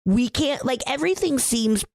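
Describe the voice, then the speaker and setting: A woman's voice: high-pitched, lively intonation, normal speed, vocal fry, darkish tone, no echo. A woman co-hosting a podcast, recapping a movie in casual, jokey chat and swearing freely. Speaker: podcast co-host.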